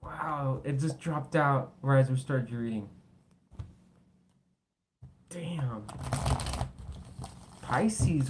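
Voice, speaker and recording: A man's voice: medium pitch, extremely slow, long pauses, slight background noise. A man doing a casual tarot reading, blunt and swearing freely, tired, with his voice cracking. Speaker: tarot reader.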